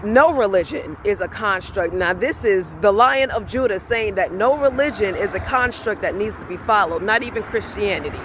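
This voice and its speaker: A man's voice: high-pitched, animated, moderate pace, few pauses, noisy background. A man telling a heated story in a casual, profane rant, acting out both sides of an argument. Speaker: self-styled spiritual vlogger.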